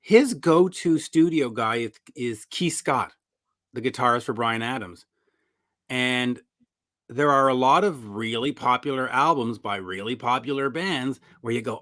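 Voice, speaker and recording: A man guesting on a podcast as a rock music commentator, telling animated stories and acting out fans' surprised reactions. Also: mid-range voice, a little slow, dry recording, clean studio sound. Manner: sardonic about song lyrics. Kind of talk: casual interview chat.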